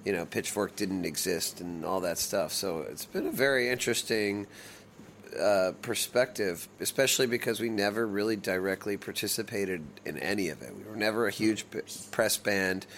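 A man's voice: on the low side, moderate pace, a bit bright, slight background noise. A middle-aged man, a touring musician from the United States, talking casually in an interview and rambling with restarts and fillers.

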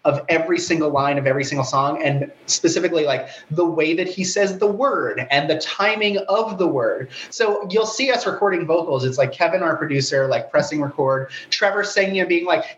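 Nasal-voiced man, chatty guitarist. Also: lo-fi sound. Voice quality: relatively high, nasal voice. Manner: fast, animated, talkative, self-deprecating. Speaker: guitarist and songwriter, guest. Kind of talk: casual interview chat.

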